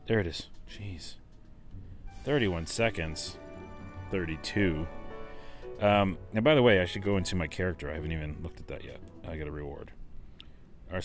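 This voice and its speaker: A man casually talking through a mobile game, chatty and enthusiastic, rambling as he plays. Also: deep voice. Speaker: let's play host.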